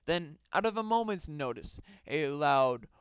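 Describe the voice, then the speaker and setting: A man's voice: a little high, expressive, measured pace, heavy background noise. A young man reading out a silly story with mock drama and rambling asides.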